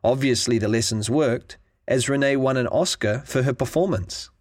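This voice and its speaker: A man reading a scripted English listening lesson in a clear, measured way. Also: medium pitch, darkish tone, dry recording, studio quality. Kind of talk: scripted narration.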